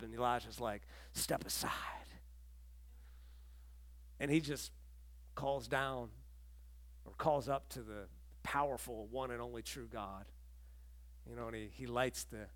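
A man's voice: mid-range voice, fairly bright tone. A middle-aged man preaching a sermon as pastor, telling stories in a conversational way and acting out the quotes. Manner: conversational storytelling, acts out quotes.

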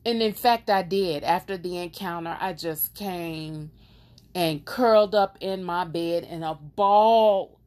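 A woman tells a personal story on her own podcast at a slow, deliberate pace. Her delivery is emotional and expressive but stays casual and conversational. Her voice sits at a middle pitch. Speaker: podcast host.

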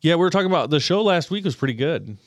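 Brief: male podcast host, relaxed, chatty, quick to laugh, casual swearing. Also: a little high, a little hiss or hum. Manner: laid-back, laughs often, swears casually. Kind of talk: casual chat. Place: small home studio.

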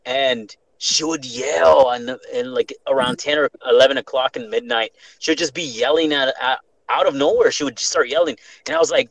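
A man's voice: mid-range voice, a little fast, creaky, hardly any pauses, poor audio. Profane man telling a scary story. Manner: profane, animated, restarts often. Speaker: podcast host telling a story. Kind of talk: casual storytelling.

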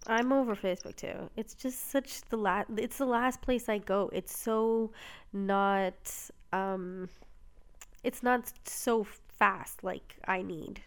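A woman's voice: mid-range voice, takes it slowly. A woman co-hosting a podcast in casual chat, talkative, laughing often and swearing casually. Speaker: podcast co-host.

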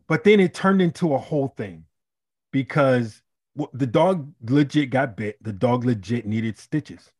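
Profane, animated man telling a story. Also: medium pitch, a little slow, breathy edge. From Chicago. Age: adult, married. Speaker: podcast co-host. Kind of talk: casual storytelling chat.

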